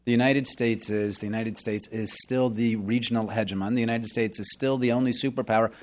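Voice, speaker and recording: A man's voice: fairly low pitch, steady tone, brisk. A man moderating a policy panel, pushing back with probing devil's-advocate questions.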